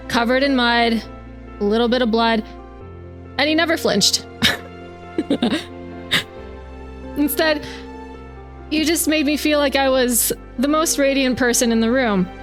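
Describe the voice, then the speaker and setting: A woman playing a tabletop role-playing game, delivering theatrical in-character vows with playful laughter. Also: on the high side. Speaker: player.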